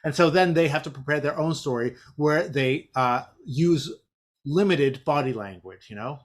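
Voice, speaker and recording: A man's voice: a little high, normal speed. A man giving a casual teacher-training talk, rambling with lots of fillers and restarts. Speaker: teacher trainer presenting a session.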